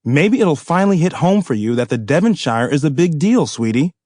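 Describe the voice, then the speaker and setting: A man's voice: on the high side, sing-song, fairly quick, darkish tone, no echo. A man reading the lines of an affectionate, teasing wife in an audiobook, with a dry studio sound. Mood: fond.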